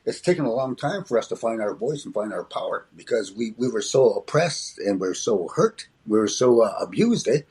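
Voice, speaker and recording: A man's voice: lowish voice, animated, moderate pace, few pauses, darkish tone, husky. An older man from Alberta, a comedian and speaker reflecting in an interview, often restarting and tagging lines with "eh?". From Alberta, Canada. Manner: frequent restarts and tag "eh?".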